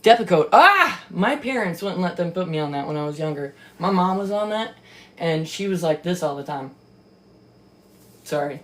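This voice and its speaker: A woman giving casual reaction commentary on a book, mocking, profane and quick to exclaim and laugh. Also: on the low side, lively intonation. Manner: laughs often.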